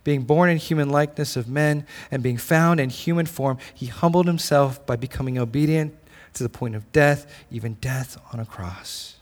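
A man's voice: mid-range voice, normal speed, few pauses. A man preaching a sermon as a pastor, casual and conversational, telling stories and acting out bits of dialogue. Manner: casual, storytelling, acts out dialogue. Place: church. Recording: reverberant hall.

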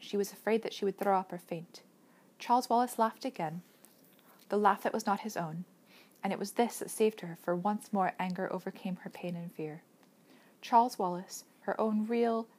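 A woman narrating a novel chapter in an expressive storytelling manner. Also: mid-range voice. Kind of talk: audiobook narration.

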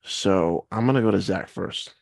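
Deep gravelly man hosting a podcast. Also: moderate pace, darkish tone, no room sound. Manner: laid-back, steering the conversation. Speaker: podcast host. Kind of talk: casual podcast chat.

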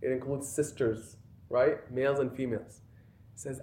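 A man's voice: mid-range voice, fairly even intonation, normal speed, mellow. A man who is an imam, giving a conversational, emphatic sermon and addressing the audience directly. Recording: echoey room.

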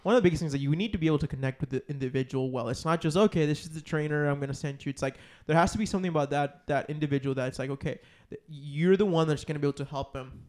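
A man's voice: a little high, rapid-fire, hardly any pauses, darkish tone. A man hosting a podcast as a personal trainer in casual chat, rambling and restarting his sentences.

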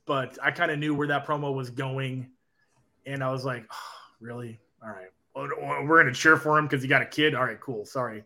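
A man's voice: mid-range voice, steady tone, brisk, bright, forceful tone. A man in casual chat, giving wry, critical opinions and mocking with put-on quotes.

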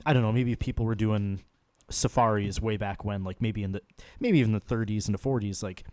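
Young male co-host, low and dry, loose rambling talker with a joking edge. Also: steady tone, brisk, a little mellow, no room sound. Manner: rambling, swears freely, jokey. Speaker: podcast co-host. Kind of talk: casual chat.

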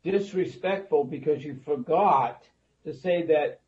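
A man's voice: on the high side, unhurried, darkish tone. A man co-hosting a casual radio talk show, wry and storytelling as he banters. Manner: wry, storytelling, acts out grandma lines. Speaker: radio co-host. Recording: dull lo-fi sound.

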